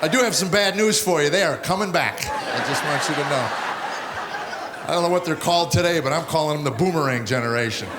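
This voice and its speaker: A middle-aged man performing a stand-up comedy set on stage, telling family stories with deadpan delivery and acted-out voices. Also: a little high, a little fast, background noise. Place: comedy stage before live audience. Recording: live show with loud audience.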